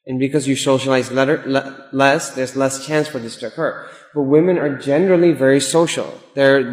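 A man's voice: medium pitch, a little mellow. A man giving a conversational sermon, acting out quoted voices as he tells anecdotes. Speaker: imam giving a talk. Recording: echoey hall.

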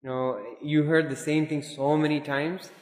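A man's voice: a little high, little pitch movement, moderate pace, darkish tone. Man teaching in an echoey hall. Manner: conversational, digressive, mixes in Arabic and Urdu terms. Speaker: Islamic teacher. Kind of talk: informal religious lesson. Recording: echoey hall with long reverb.

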